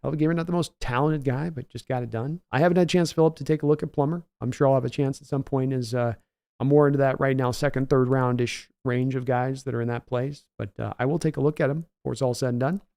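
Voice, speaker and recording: A man's voice: medium pitch, steady tone, fast talker, creaky, a little mellow, no echo. A man hosting a casual livestream, chatting loosely and answering viewers' comments by name. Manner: rambling, conversational, reads out viewer names. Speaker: host.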